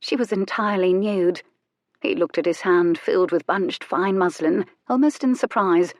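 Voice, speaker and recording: A woman narrating an audiobook in an intimate, measured storytelling manner. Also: on the low side, no room sound, studio quality. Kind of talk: scripted narration.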